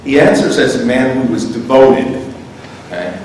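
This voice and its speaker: A man lecturing in a conversational way, often pausing to ask if the audience is following. His voice rings through a very echoey school hall, picked up from far off with a faint hiss. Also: mid-range voice, a little mellow. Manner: conversational, checks in with "okay?". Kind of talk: literature lecture.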